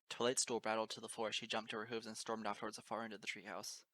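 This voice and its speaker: A man's voice: on the low side, level tone, very fast, hardly any pauses, pushed and bright. A man reading a fan story aloud as narrator, in plain storytelling. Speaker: reader. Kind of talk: amateur audiobook narration.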